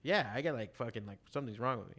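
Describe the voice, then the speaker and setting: A man's voice: mid-range voice, racing, breathy edge. A middle-aged man who runs an art shop, talking casually and profanely about passion and drawing. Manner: profane, animated storyteller. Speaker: comic artist and shop owner. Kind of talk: casual podcast chat.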